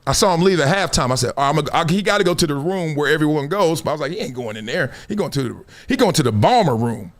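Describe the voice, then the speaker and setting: Animated middle-aged man hosting a live stream. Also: on the high side, fast talker, few pauses. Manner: animated storyteller, slangy and warm toward viewers. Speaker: show host. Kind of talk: casual live-stream chat.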